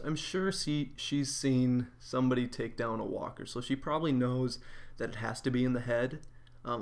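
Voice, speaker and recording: A man giving a casual spoken episode review, rambling with lots of fillers. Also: mid-range voice.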